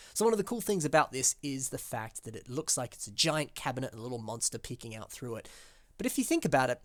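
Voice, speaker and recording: A man's voice: medium pitch, a bit bright, no echo, studio quality. A man from Australia with an Australian accent, hosting and chatting enthusiastically about builds in casual commentary, with plenty of fillers. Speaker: host reviewing fan-built models.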